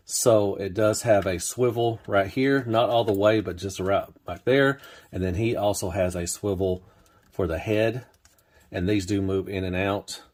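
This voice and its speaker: A man's voice: sits low, darkish tone. A man casually reviewing a toy on his channel, rambling and laid-back, with lots of fillers and restarts.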